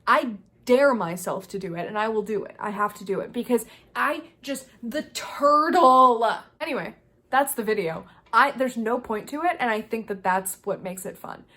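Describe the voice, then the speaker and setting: A woman talking to camera in a casual review vlog, ranting in an animated, exasperated way. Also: mid-range voice, fairly quick. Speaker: video creator.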